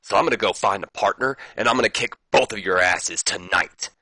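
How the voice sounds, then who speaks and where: A man plays a hot-tempered male wrestler who shouts every line in an indignant, bright, raised voice. He sounds offended and ready to fight, all up in arms. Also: on the low side, a little fast, husky, no echo, heavily acted. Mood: threatening. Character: angry male wrestler who loves a mop.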